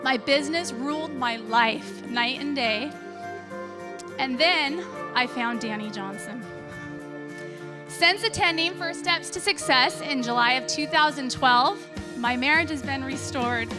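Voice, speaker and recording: A woman's voice: high voice, a little slow, music in the background. A woman from California giving an earnest, emotional testimonial as a seminar speaker on a stage.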